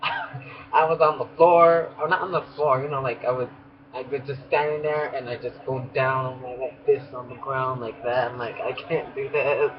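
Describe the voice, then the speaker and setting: A young man, a beauty school student, telling a rambling story in a casual vlog, laughing often and restarting sentences. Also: mid-range voice. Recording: muffled lo-fi audio with background noise.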